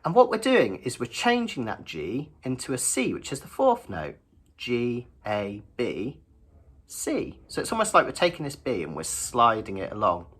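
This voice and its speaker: A man's voice: medium pitch, wildly swooping pitch, a little fast, hardly any pauses, fairly bright tone, husky. A man teaching a ukulele lesson in a chatty, encouraging way, counting beats aloud as he strums. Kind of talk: friendly instructional lesson. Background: his own ukulele playing.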